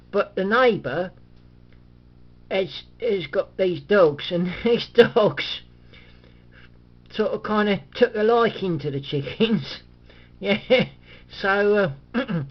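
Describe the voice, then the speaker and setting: A man's voice: high-pitched, muffled recording. A man rambling in a casual monologue, chatty and cynical, chuckling often and restarting his sentences. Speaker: vlogger.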